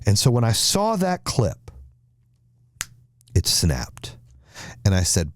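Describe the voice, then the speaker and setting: A man's voice: on the low side, huge pitch swings, takes it slowly, pauses often, dry recording, studio quality. A man hosting a motivational podcast, talking bluntly and emphatically in a monologue and swearing now and then. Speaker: podcast host.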